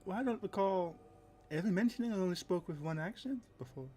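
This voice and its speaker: A man voicing a smooth, evasive man who deflects questions about his shifting accents, speaking calmly and soothingly. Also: high voice, a little fast, voice pushed up, close to an everyday voice. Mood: smooth, reassuring.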